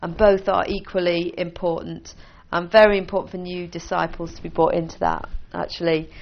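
A woman's voice: on the low side, steady tone, normal speed, gravelly, lo-fi sound. A woman giving an informal teaching talk to a small group as a church leader, conversational and full of restarts. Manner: conversational, with restarts and light laughs.

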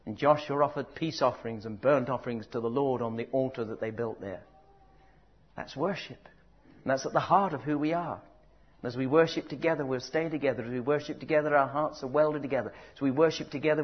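A man preaching a sermon, swinging from loud emphatic declarations to soft, drawn-out words. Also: a little high. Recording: dull lo-fi sound.

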